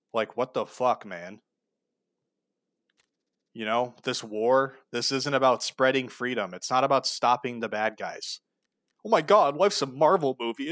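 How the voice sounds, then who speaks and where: A man's voice: medium pitch, a bit bright, no room sound, clean studio sound. A man giving heated, sarcastic political commentary, blunt and full of profanity. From United States.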